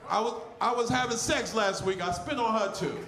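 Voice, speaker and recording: A man in his forties with a lisp, doing a loud, crude stand-up comedy set on stage, often shouting at the crowd. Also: high voice, normal speed, reverberant, background noise. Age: 40s.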